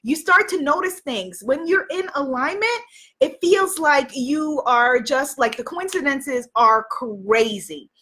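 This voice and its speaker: Effusive woman host, high and bright, chatty card-reading live stream, calls out viewers by name. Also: lively intonation, takes it slowly.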